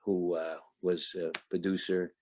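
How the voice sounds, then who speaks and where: Over a video call, an unhurried man in his eighties from Toledo, Ohio speaks as a guest in a low, flat voice with background noise. He reminisces and tells a joke, rambling off on tangents with plenty of fillers.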